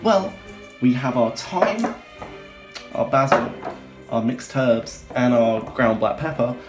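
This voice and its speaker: Man, cooking-show host, loud, playful showman, roomy echo, music behind. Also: mid-range voice, animated, takes it slowly, distant mic. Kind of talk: comic cooking demonstration.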